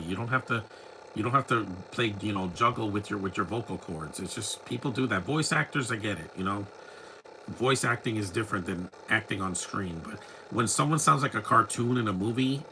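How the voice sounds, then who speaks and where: Rambling, opinionated man with a bright voice. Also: lowish voice, a little hiss or hum, low-quality recording. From United States. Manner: rambling, opinionated, many restarts. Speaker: movie commentary host. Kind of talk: casual live movie commentary.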